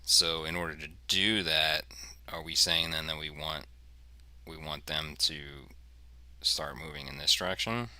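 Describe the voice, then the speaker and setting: A man's voice: extremely low pitch, animated, a little slow, vocal fry, bright, forceful tone. A man hosting a casual strategy game discussion, joking and thinking aloud while he explains moves. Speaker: host.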